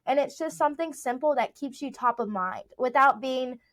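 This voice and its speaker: A young woman, a real estate agent, telling stories in a casual interview, chatty and animated with lots of fillers. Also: sits high, moderate pace. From Texas. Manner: chatty, animated storytelling with many "like"s.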